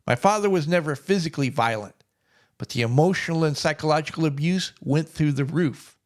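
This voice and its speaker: A man's voice: fairly high pitch, a little fast. Plainspoken man telling his story. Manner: plainspoken, wry. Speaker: vlogger. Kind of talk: personal storytelling.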